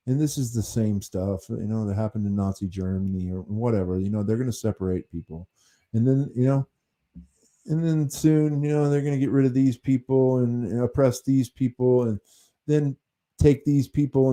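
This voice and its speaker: An American livestream host talks in an indignant, rambling way, full of fillers and restarts. His voice is mid-range with a dark tone.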